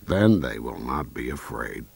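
A man voicing a fretful, impatient male toad who talks in a slow, earnest, worried way. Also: very deep voice, very animated, vocal fry, darkish tone, husky, dry recording, voice pushed down, heavily acted.

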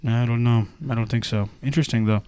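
A man's voice: medium pitch, steady tone, fast talker, darkish tone, clear, resonant tone, no room sound. A man hosting a casual podcast chat, dry and joking as he leads segments. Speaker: podcast host.

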